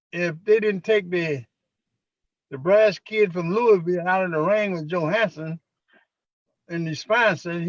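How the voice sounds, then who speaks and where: An older man being interviewed, recounting personal memories in an unhurried storytelling way and acting out what people said. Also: high voice, dry recording, highs cut off. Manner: unhurried storyteller who acts out quotes. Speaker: interviewee, former minister.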